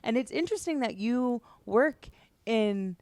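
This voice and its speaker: A woman's voice: fairly high pitch, animated, measured pace, darkish tone, no room sound. A woman hosting a podcast, chatting casually and agreeably with her guest. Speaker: podcast host. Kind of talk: casual interview chat.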